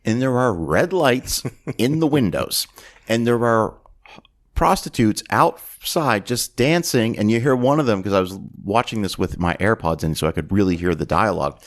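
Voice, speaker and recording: Male host, 30s, very low voice, lively scene-by-scene recap with impressions. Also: normal speed. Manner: animated retelling, acts out lines in voices. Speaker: podcast host. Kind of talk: casual movie recap chat.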